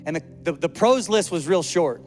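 A man's voice: fairly high pitch, lively intonation, normal speed, darkish tone. A male pastor preaching a sermon in a chatty storytelling way, acting out the dialogue he quotes. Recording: long hall reverb with faint music.

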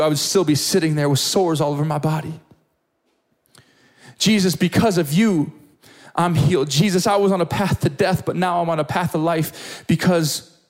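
A man voicing a humble healed leper man who speaks softly and earnestly. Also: a little high, lightly acted.

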